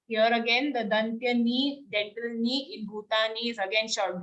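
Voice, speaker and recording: High, bright-voiced woman teaching chanting. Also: measured pace, rough recording. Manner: patient, repeats syllables, alternates chanting with explanation. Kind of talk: online recitation lesson.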